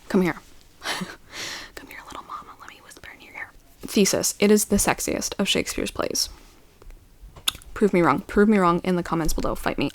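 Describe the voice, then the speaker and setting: A woman's voice: lowish voice, gravelly. A young woman reviewing her favourite books in a casual vlog, gushing and playful, sometimes dropping into a whisper. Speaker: book reviewer.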